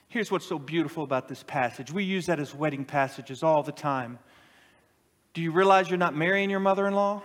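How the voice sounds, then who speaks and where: A middle-aged male pastor with a high voice delivers a lively, joking sermon. He talks to his congregation and teases them. His words ring out with a long hall reverb. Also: fairly quick. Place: church sanctuary with a congregation.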